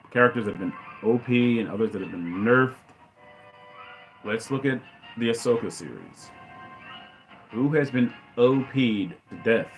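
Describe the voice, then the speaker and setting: Man ranting fan commentary. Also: medium pitch. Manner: ranting, exclaims loudly. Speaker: channel host.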